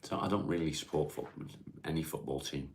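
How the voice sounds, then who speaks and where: Low, gravelly man chatting on stream. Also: slight background noise. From England (Cheshire). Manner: laid-back, unhurried, reads chat questions aloud then answers plainly. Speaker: livestream host. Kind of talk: casual livestream chat answering viewer comments. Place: at home, smoking while streaming.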